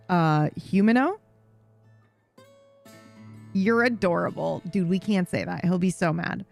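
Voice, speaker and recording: A woman streamer giving lively, reactive commentary while playing a game, swearing when caught off guard. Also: lowish voice, unhurried, gravelly, long pauses, soft background music. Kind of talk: live game playthrough commentary.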